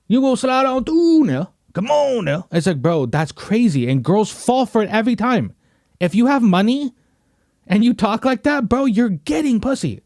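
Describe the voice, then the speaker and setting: A man's voice: a little high, a little mellow, dry recording, clean studio sound. A young man hosting a podcast, chatting casually in a slangy, rambling way full of "bro" and "you know what I mean". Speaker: podcast host. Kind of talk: casual chat.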